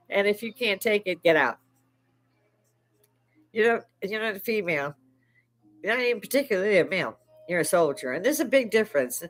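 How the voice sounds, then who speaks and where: This older woman from Chicago, an army veteran, hosts a casual live stream chat in a salty, profane way, laughing often between stories. Her voice is medium-pitched and a bit bright, and the audio is poor.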